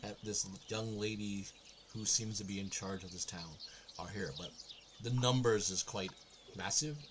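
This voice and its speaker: A man's voice: on the low side, fairly even intonation, moderate pace, background noise. A man running a tabletop game as game master, describing scenes and explaining rules with many fillers.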